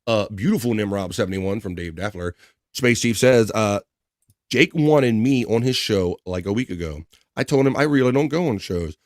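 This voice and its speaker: A middle-aged man hosts a livestream with a fairly low, slightly mellow voice at normal speed. He chats upbeat over viewer comments, reading them out and laughing often. The close mic is dry with no echo.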